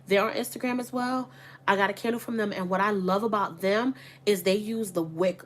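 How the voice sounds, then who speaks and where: A woman's voice: mid-range voice, lively intonation, quick pace, pushed and bright. Chatty woman vlogging to her viewers. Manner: chatty, candid, addresses viewers as y'all. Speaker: online boutique owner and vlogger. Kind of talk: casual chat to camera.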